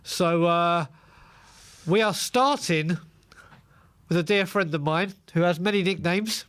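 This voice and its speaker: Stammering fan show host. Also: male voice, sits high, steady tone, moderate pace, a bit bright, clear, resonant tone. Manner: stammering restarts, friendly. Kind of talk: casual fan show hosting.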